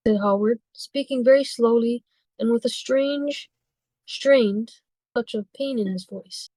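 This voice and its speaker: A woman's voice: a little high, dark tone, no echo, low-quality recording. A woman narrating a novel aloud for a book club in a plain way. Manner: plain narration with stumbles and quick apologies.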